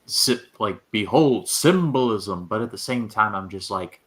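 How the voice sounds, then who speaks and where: A relaxed, wry man hosting a casual chat. His voice is very deep with a bright, forceful edge. He moves the talk along in an easy way. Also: normal speed.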